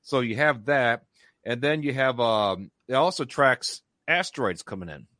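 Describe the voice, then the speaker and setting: A man's voice: mid-range voice, lively intonation, a little slow, pushed and bright, no echo, studio quality. A man hosting a casual discussion, making emphatic points and stopping often to say "okay".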